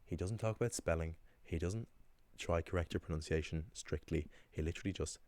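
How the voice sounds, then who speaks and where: An Irish language teacher with a very deep, low, darkish voice gives a casual explanatory lesson. He is chatty and rambling, often pausing with ums and correcting himself. The recording is close and dry, with no room sound.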